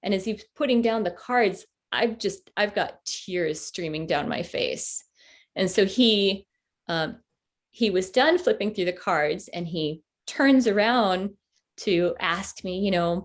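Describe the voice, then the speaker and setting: A woman in her forties, telling a personal story with halting, heartfelt pauses and fillers as a workshop presenter on a video call. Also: mid-range voice. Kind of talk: storytelling talk to an online group.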